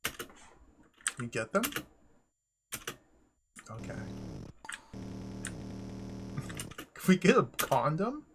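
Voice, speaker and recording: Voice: medium pitch, sing-song, extremely slow, pauses often. Streamer, casual let's-play chatter, reads game text aloud, wry asides, chuckles a lot, faint noise. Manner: chuckles often.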